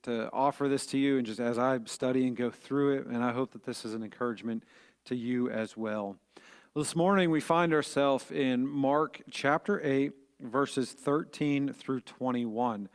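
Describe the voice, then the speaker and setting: A middle-aged man, preaching a short devotional sermon in an earnest, conversational way, with fillers and restarts. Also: medium pitch. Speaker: pastor.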